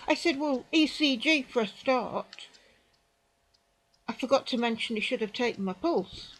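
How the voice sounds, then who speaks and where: A British woman in her sixties, telling her own story to the camera in an emphatic, indignant way, repeating phrases and dropping into quiet asides. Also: a little high, expressive, a little slow, rough recording. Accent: British English. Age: 60s. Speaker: vlogger recounting an experience. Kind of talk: indignant personal account to camera.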